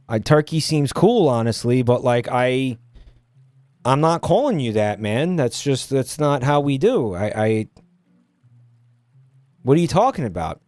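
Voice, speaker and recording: A man's voice: fairly high pitch, a little mellow, no room sound. A man streaming and ranting at his chat, exasperated and swearing often. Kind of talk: casual stream rant.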